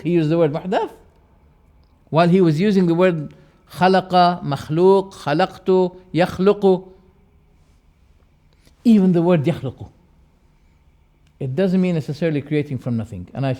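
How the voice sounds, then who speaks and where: A man with a high-pitched voice delivers a classroom lecture on creed. He is emphatic, swinging between loud rising phrases and quiet, dropped endings. He repeats key words to drive each point home. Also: moderate pace, long pauses. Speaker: religious teacher.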